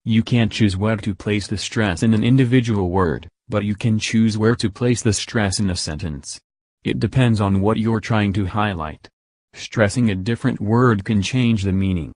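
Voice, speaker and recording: A man explaining English sentence stress in a recorded lesson, slowing to stress his example words. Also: fairly low pitch, darkish tone, no room sound, clean studio sound. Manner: slow, deliberate word-by-word emphasis on examples. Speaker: English teacher.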